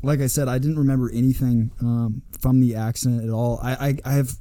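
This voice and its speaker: Young man, podcast co-host, casual filler-heavy talk, mid pitch, very mellow tone. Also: fairly quick, no echo. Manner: relaxed, filler-heavy, says "like" often. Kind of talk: casual storytelling chat.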